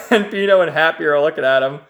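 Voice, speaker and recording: A man's voice: on the high side, fairly bright tone. A man casually recapping a comic book page by page, enthusiastic and rambling, chuckling often. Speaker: manga reviewer.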